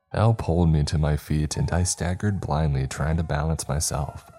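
A man narrating a horror story in a steady, measured storytelling voice. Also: extremely low pitch, faint music behind.

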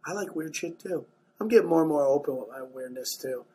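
Husky stand-up comic man. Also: fairly high pitch, a little fast. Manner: animated, profane, swings between mumbled asides and loud bursts. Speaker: stand-up comedian. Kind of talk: stand-up storytelling.

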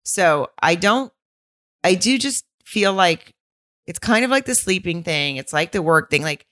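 A woman with a notably low voice talking casually on a podcast. She is frank and swears freely, and she acts out other people's lines as she goes. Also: animated, a little slow, a bit bright. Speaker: podcast co-host.

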